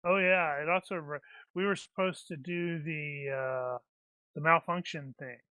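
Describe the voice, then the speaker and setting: Bright-voiced joking man at the table. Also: fairly high pitch, steady tone, no echo, lo-fi sound. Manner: joking, quick banter. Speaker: player. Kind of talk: casual tabletop play.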